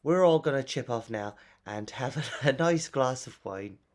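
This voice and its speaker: A podcast co-host putting on a deliberately bad Irish accent as a joke after a few glasses of wine. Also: male voice, medium pitch, expressive, natural voice. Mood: jokey. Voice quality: hammy tipsy fake accent.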